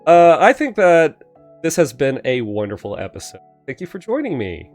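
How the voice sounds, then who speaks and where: A man's voice: a little high, huge pitch swings, normal speed, darkish tone, faint music behind. A man hosting a podcast, joking casually with his guest. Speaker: podcast host.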